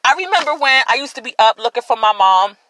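A woman's voice: fairly high pitch, expressive, fast talker, sharp tone, no room sound. A woman hosting a podcast, giving an emphatic, preachy motivational faith talk and addressing listeners directly. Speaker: podcast host.

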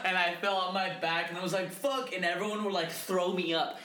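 A young man co-hosting a casual podcast, telling animated stories full of swearing and acted-out quotes. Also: sits high, quick pace. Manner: animated storyteller, swears a lot, acts out quotes. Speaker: podcast co-host. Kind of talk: casual chat. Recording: echoey room, faint noise.

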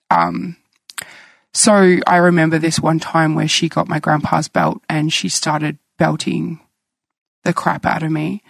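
Gravelly-voiced woman telling her story. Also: deep voice, dry recording, poor audio. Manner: candid, reflective storytelling. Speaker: guest. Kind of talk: personal conversation.

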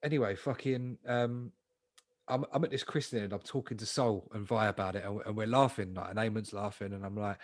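Fast-talking man telling stories. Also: lowish voice, no echo, clean studio sound. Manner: swearing, slangy, animated anecdotes. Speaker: podcast co-host. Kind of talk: casual chat, storytelling.

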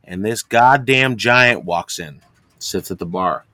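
A man's voice: fairly low pitch, slow pace, sharp tone, dry recording. Podcast co-host, male, rambling storyteller, profane, dry mic. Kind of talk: crude casual chat.

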